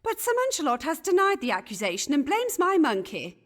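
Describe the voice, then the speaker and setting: An actress playing a fussy, gossipy Elizabethan gentlewoman who chatters in archaic phrases and is easily scandalised. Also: high voice, huge pitch swings, fairly quick.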